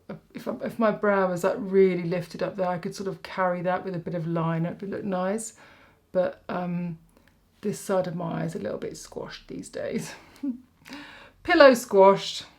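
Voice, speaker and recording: A woman's voice: on the low side, a little mellow. A woman, a makeup artist giving a chatty, rambling tutorial and joking at herself as she works. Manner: rambling, self-mocking, talks while working.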